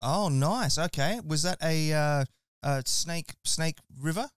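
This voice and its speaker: A man's voice: a little high, slow, clean tone, no echo, studio quality. An Australian man hosting a casual barbecue podcast interview, friendly and chatty. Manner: friendly, chatty, says mate. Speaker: podcast host.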